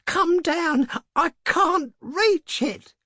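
A male reader voicing a desperate, grieving old mother in an audiobook reading, crying out and pleading in a shrill voice. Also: extremely slow, sharp tone, no room sound, clean studio sound, heavily acted. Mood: urgent.

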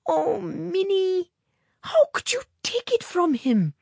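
A woman's voice: extremely high pitch, big pitch swings, slow pace, gravelly, darkish tone, no room sound, clean studio sound, pitched above the performer's own voice, full character voice. A woman reader voicing a shocked, scolding mother in a storybook reading. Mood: alarmed.

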